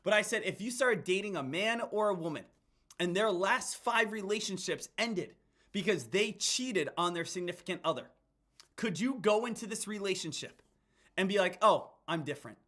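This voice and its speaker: High voiced guy hyping stocks, repeats himself a lot, keeps saying guys and team. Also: expressive, normal speed, a bit bright. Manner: repetitive, hype-driven, addresses viewers as guys and team. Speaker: stock market commentator. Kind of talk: emphatic market commentary.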